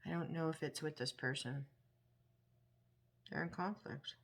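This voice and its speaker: A woman with a fairly low voice reads tarot cards in a relaxed, casual way. She thinks aloud as she goes, musing and chatting about what she sees in the cards. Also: a little slow, husky. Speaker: tarot reader.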